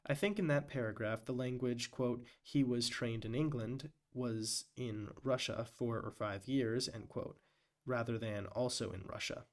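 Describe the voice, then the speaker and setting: A man live-streaming as he reads a hearing transcript aloud, deliberately voicing every quote and end quote marker. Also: mid-range voice. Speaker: live-stream reader and commentator.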